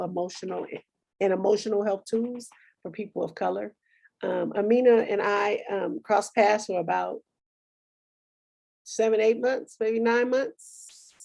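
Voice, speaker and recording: Husky, gravelly woman podcast host. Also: mid-range voice, a little mellow. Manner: conversational, preachy, thinks aloud with fillers. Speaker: podcast host recapping episodes. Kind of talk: casual reflective monologue.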